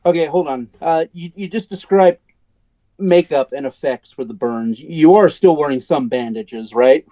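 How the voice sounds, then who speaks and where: A man's voice: fairly high pitch, moderate pace, mellow. A man playing a tabletop role-playing game, eagerly describing his wrestler's moves. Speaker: player.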